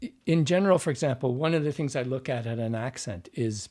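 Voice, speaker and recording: A man's voice: medium pitch, fast talker, a little mellow. A man, a dialect coach, patiently explaining how accents work in an interview and sounding out examples.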